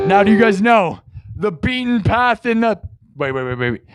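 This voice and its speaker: A man hosting a live music stream, chatting in a rambling, excitable way and breaking into shouts. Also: sits high, moderate pace, no room sound. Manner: excitable, bursts into shouts, heavy use of "like".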